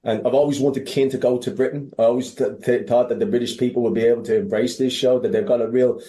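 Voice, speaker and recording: A man with an Irish accent, a podcast guest telling stories in casual chat, animated, swearing freely and often restarting his sentences. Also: mid-range voice, fast talker, reverberant. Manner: animated, profane, many restarts. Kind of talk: casual interview storytelling.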